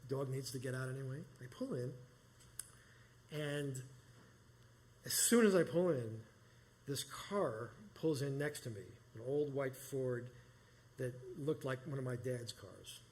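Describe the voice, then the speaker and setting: A man's voice: mid-range voice, unhurried, pauses often, a little mellow, slight background noise. A middle-aged man from New York telling a personal story live, rambling and conversational with many restarts. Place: small performance space.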